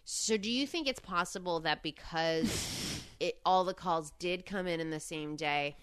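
A woman co-hosting a casual chat, telling stories in an animated way. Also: fairly low pitch, unhurried, clear, resonant tone, dry recording, clean studio sound. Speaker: podcast co-host.

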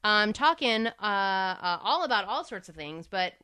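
Bright, crisp-voiced woman in her thirties. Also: mid-range voice, very animated, no room sound, clean studio sound. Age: 30s. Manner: playful, rambling, quick to joke. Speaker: podcast co-host. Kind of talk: casual chat.

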